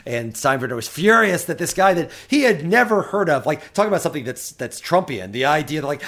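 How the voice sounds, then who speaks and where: A man's voice: on the high side, fairly quick, few pauses. A man guesting on a podcast, telling stories in a rambling way with many restarts. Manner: rambling, restarts often, animated storytelling. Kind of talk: casual podcast chat.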